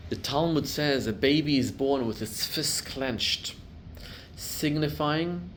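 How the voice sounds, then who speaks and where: Middle-aged rabbi guy teaching a class, tells stories, gets loud and punchy on key points, bit of hiss behind. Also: on the high side, slow pace. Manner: storytelling, builds to loud emphatic peaks. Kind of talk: Torah class talk to a live group.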